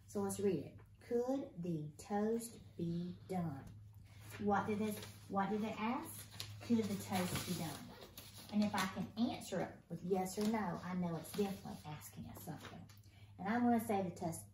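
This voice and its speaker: A woman teaching a first grade phonics lesson, sounding out letters slowly and asking encouraging questions. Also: medium pitch, mellow. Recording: roomy echo, faint room noise.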